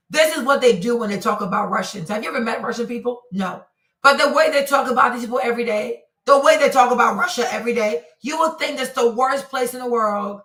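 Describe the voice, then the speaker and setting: Woman, bright forceful voice, emphatic and repetitive, live commentary, echoey room, distant mic. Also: a little high. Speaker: livestream commentator.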